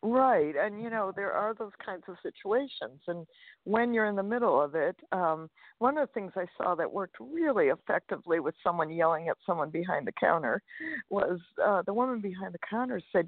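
A woman's voice: mid-range voice, lively intonation, normal speed, no echo. A woman guest author talking in an upbeat, chatty way, with many fillers and restarts. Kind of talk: interview over a phone line. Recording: dry, tinny phone line.

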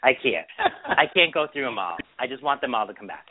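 A man's voice: mid-range voice, sing-song, a little fast, a little hiss or hum. Guy cohost grumbling his blunt takes, mid voice, tinny phone sound. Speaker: podcast co-host. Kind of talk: casual chat.

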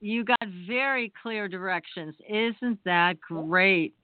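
A woman's voice: mid-range voice, slow pace, dry recording. A woman hosting an interview, asking questions and reacting with encouraging exclamations. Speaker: interview host. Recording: dry, tinny phone-line sound.

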